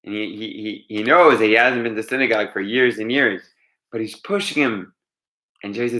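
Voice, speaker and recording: A man telling a true story aloud, animated, with dramatic pauses. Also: lowish voice. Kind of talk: oral storytelling.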